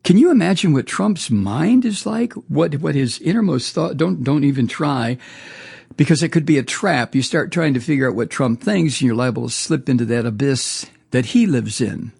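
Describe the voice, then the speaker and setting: Raspy, gravelly man ranting indignantly. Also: mid-range voice, animated, moderate pace, a little mellow. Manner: indignant, profane ranting with repeated stumbles. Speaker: talk radio host. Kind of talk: political commentary monologue.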